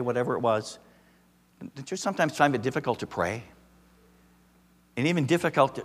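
A man preaching a sermon as a pastor, animated, with emphatic rising peaks and frequent restarts. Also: mid-range voice. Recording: long reverb of a large hall.

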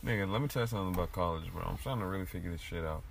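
A young man chatting casually, telling a profane, animated story with big bursts of laughter. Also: low-pitched, rapid-fire, gravelly, slight background noise. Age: young adult.

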